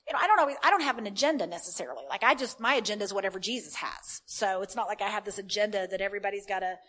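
A woman's voice: on the high side, pushed and bright. A woman preaching a sermon, telling stories in a conversational way and breaking into fervent declarative prayer.

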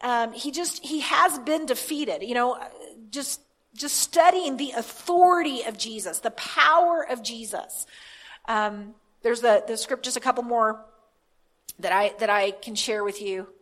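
A woman preaching a sermon, reading scripture aloud and then explaining it in a halting, conversational way. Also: fairly high pitch, fairly bright tone. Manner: halting, with many restarts and fillers; reads scripture aloud with emphasis.

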